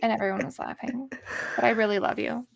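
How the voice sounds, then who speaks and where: A woman in her thirties chatting casually as a podcast co-host, talkative and quick to laugh and tease. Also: fairly high pitch, steady tone, vocal fry. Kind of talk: casual chat.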